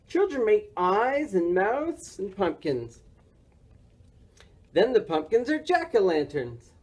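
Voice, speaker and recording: A woman reading aloud and voicing a loud, bossy male storybook character who explains everything. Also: medium pitch, big pitch swings, slow pace, slightly rough, voice pushed up, full character voice. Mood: explaining.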